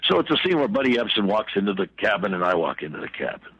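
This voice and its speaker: An older man, a podcast guest, telling long rambling anecdotes full of fillers and restarts in a husky voice. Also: on the low side, sing-song, very fast, no room sound, highs cut off. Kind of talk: anecdotal storytelling in a podcast interview.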